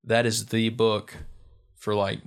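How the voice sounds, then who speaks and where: A man's voice: on the low side, slow pace, creaky, clean tone. A young man co-hosting a podcast, chatting casually and telling school stories with lots of laughter and slang. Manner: laughing storyteller, slangy, animated retellings. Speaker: podcast co-host. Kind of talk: casual chat.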